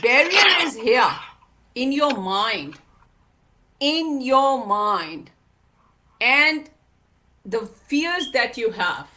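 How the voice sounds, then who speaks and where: Slow, bright-voiced woman telling her story. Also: a little high, very animated. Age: adult mother of a young child. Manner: earnest, emphatic, repeats phrases. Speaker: guest speaker. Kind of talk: personal storytelling talk.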